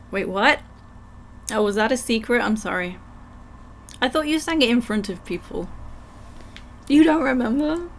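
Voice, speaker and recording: A woman with a croaky throat chatting with her live chat while reading game text aloud. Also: on the high side, animated, unhurried, long pauses, a little hiss or hum. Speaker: livestream gamer.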